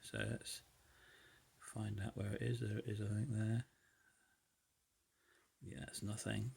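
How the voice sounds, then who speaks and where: A man's voice: lowish voice, flat delivery, measured pace, vocal fry, a little mellow, breathy edge. A man casually demonstrating lockpicking, thinking aloud with many hesitant fillers. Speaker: lockpicking hobbyist vlogger. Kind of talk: casual demonstration while picking a lock.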